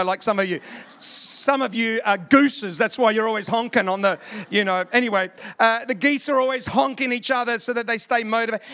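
A man's voice: very high voice, sharp tone, clear, resonant tone. A middle-aged man preaching a sermon, telling a folksy story and joking with the congregation. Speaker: pastor.

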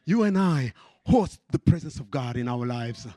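A man preaching a passionate sermon in English, which is not his first language, repeating phrases and rising to shouts of praise. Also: mid-range voice, animated, moderate pace, no echo.

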